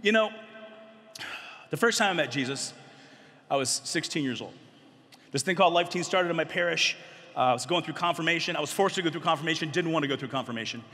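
A middle-aged man giving an animated, joking, conversational talk to a youth audience at a large conference. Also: on the high side, fast, pauses often. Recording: long hall reverb.

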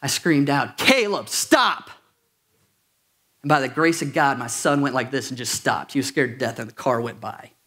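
A man's voice: medium pitch, steady tone, brisk, few pauses, fairly bright tone. A pastor preaching a sermon to his congregation, conversational and jokey, with asides and questions to the room. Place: church auditorium.

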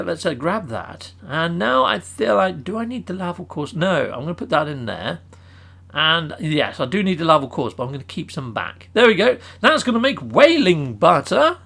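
Exuberant British man, high lively voice. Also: vocal fry, breathy edge. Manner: exuberant, playful exclamations. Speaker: gaming channel host. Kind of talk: gameplay guide commentary.

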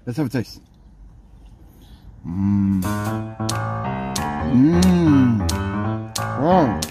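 Slow-talking New man eating on camera. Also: medium pitch, animated, music in the background. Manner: playful, teasing, often talks with his mouth full. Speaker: mukbang host. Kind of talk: casual chat while eating on camera.

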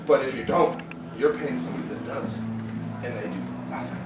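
A man's voice: mid-range voice, fairly quick, over loud music. A man giving a heated, profanity-laced rant in an interview, full of restarts and repetition. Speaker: protest organizer being interviewed. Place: festival grounds. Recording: echoey, distant mic, loud ambient noise.

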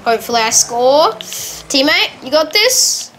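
A woman giving casual, excitable gameplay commentary, correcting herself quickly and laughing often. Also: high-pitched, slight background noise. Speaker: gamer.

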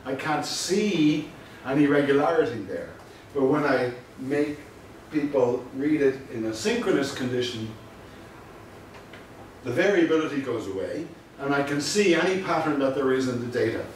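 A male lecturer talks through his material in a measured, explanatory way and drops in a wry remark now and then. His voice sits at an ordinary pitch. He was picked up by a distant mic in a strongly reverberant room with a faint hiss underneath. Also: lively intonation. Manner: measured, explanatory, dry asides. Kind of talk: university lecture. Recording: very echoey room, mic far off.

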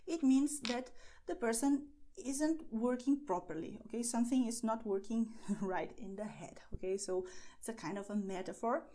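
Brazilian Portuguese teacher, mellow voice. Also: female voice, a little high. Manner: frequent "okay?" check-ins, patient explaining. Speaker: language teacher. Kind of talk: language lesson.

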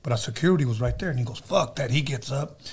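A man's voice: mid-range voice, racing, a little mellow, breathy edge. A man hosting a podcast, telling a story in a blunt, profane, playful way. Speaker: podcast host. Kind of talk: casual chat.

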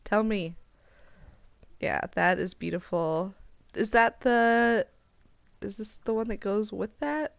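An American woman streaming a game, chatting casually and getting excited as she opens loot boxes. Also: mid-range voice, slow pace, creaky, pauses often, clean tone, no room sound. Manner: excitable and chatty, squealing at rare items. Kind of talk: casual commentary while opening loot boxes.

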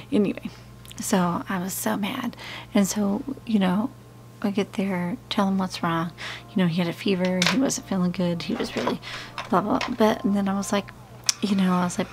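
A woman's voice: mid-range voice, steady tone, normal speed, slight background noise. A middle-aged woman telling a personal story in a rambling, chatty way while doing her makeup for a beauty vlog. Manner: chatty, rambling, many fillers. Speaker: beauty vlogger. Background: background music.

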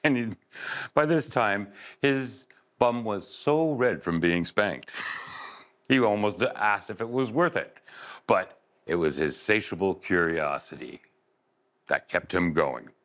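A man telling a folk tale to children, expressive and playful with chuckling asides. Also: fairly low pitch, takes it slowly. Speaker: storyteller. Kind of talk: oral storytelling for children.

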